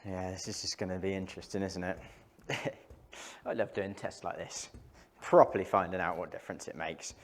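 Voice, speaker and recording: A man's voice: sits low, fairly even intonation, moderate pace, creaky, long pauses. Chatty man testing golf drivers. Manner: chatty, thinking aloud between shots. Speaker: golf club tester. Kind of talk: casual hitting commentary. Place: indoor golf studio.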